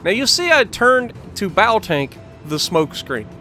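A gaming channel host, a man, narrates his play casually and playfully, joking with viewers and now and then scolding the game. His voice is fairly high and bright, a little slow, with big pitch swings. Soft game music plays beneath him.

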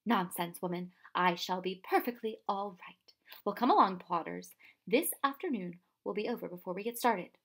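Lady reading as a loud eccentric old professor guy, blustery, bit gravelly, storybook. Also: mid-range voice, expressive, normal speed. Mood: cheerful. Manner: exuberant and blustering.

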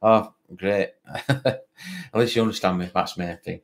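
Speaking fairly quickly with vocal fry and a steady tone, this low-voiced host of a football fan live stream has a broad Barnsley Yorkshire accent. His casual chat rambles along, full of repeated words and fillers, as he reads viewers' comments aloud.

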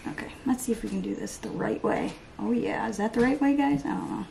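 A young woman chatting through her makeup routine in a get-ready-with-me vlog at home, rambling, excitable and laughing at herself. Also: on the high side, fast, creaky, noisy background. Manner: rambling and self-mocking, laughs often; excitable, hyper. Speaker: beauty vlogger.

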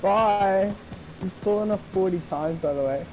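A woman's voice: mid-range voice, normal speed, a little mellow, soft background music. A woman chatting casually and bluntly while playing a co-op game, swearing and crying out. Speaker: gamer playing co-op. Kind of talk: casual gameplay chat.

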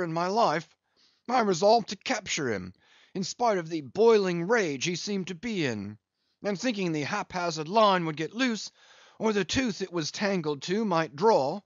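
A man's voice: sits high, no room sound, highs cut off, voice pushed up. A man voicing a hearty, good-humoured whaling captain telling a long sea story in an audiobook. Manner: chatty yarn-spinning.

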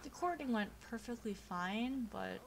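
A young woman with a slightly high, animated voice gives casual, chatty commentary over a video game playthrough at normal speed. Recorded on a home computer mic with slight background noise, she gets easily distracted and uses lots of fillers.

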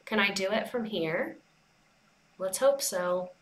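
A woman's voice: medium pitch, takes it slowly, echoey room. A young woman hosting a casual livestream, chatting and retelling a phone call with quoted dialogue. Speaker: livestream host.

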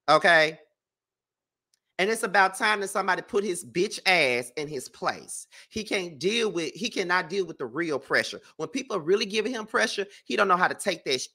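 A man's voice: high-pitched, bright, forceful tone. A male channel host giving a blunt, profane, emphatic commentary rant that keeps hammering the same points. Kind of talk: ranting commentary vlog.

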